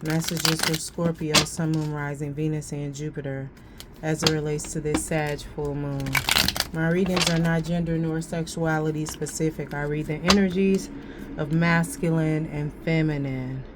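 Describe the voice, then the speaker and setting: A woman's voice: low voice, steady tone, moderate pace, heavy background noise. A woman giving a casual tarot reading, thinking aloud in a slangy way and repeating phrases as she goes. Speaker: tarot reader.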